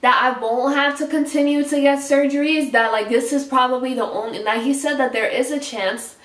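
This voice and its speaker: A woman co-hosting a couple's vlog, talking in a soft, hesitant and emotional way. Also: high-pitched, steady tone, brisk. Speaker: vlog co-host. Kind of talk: casual couple vlog chat. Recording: echoey room, a bit far from mic.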